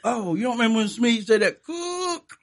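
Casting: man, high and husky, animated, laughing often, casual friends chat. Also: fast talker. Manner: laughing often, trading movie quotes. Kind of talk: casual chat quoting movie lines.

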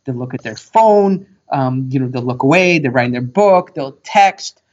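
A man guest on a talk show, telling stories and acting out what people said in a lively, animated way. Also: medium pitch, normal speed. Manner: animated storyteller, acts out quotes. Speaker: podcast guest expert. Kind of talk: casual interview talk. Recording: dull lo-fi sound.

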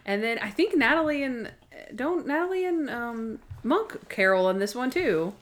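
A woman talks through TV episodes on her podcast in a loose, chatty way. She peppers everything with "like" and jumps between quick asides. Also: a little high, lively intonation. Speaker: podcast co-host. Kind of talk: casual chat recapping TV episodes.

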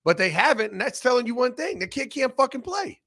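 Blunt bright-voiced man ranting about sports. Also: extremely high pitch, a little fast, vocal fry. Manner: blunt, profane, animated opinions. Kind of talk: casual sports talk.

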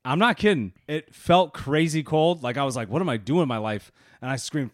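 A man co-hosting a casual podcast over beers, animated and laughing often, swearing freely. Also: medium pitch, fairly quick, no echo, clean studio sound. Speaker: podcast co-host.

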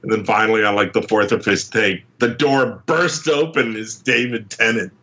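A man from England, a comic book writer telling rambling, excitable anecdotes as an interview guest, full of restarts, in a muffled lo-fi recording. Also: lowish voice, moderate pace. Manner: rambling, excitable, many restarts and fillers, acts out quotes.

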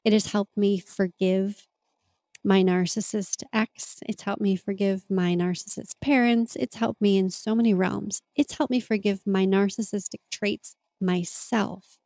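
She's an adult parent, a podcast host and mentor, speaking a little slowly at medium pitch with fairly even intonation and a dark tone. The recording is dry, and her reflective monologue comes across as earnest, open and confessional.

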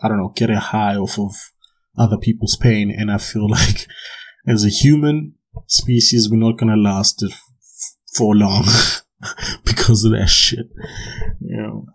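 A man's voice: on the low side, husky, poor audio. A young man hosting his podcast solo, ranting casually with swearing, laughter and frequent restarts while sipping gin. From South Africa. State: drinking gin while talking. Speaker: podcast host.

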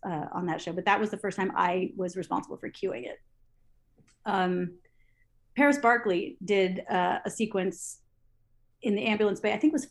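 A woman recounting television production stories in an interview, lively, acting out her own past thoughts aloud with many fillers and restarts. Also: mid-range voice. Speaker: interview guest, TV assistant director. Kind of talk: storytelling in an interview.

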